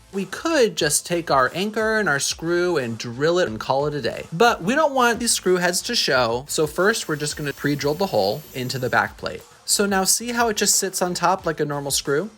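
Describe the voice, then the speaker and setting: Upbeat male vlogger, playful how-to delivery, animated pitch. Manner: lively, playful explaining. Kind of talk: casual how-to vlog. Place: apartment, indoors.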